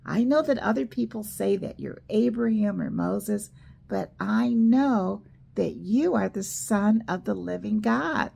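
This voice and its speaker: A woman teaching a children's church school lesson, telling stories slowly and acting out the quoted lines. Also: mid-range voice, creaky, breathy edge. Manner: slow, animated storytelling with quoted voices. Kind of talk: children's Bible lesson storytelling.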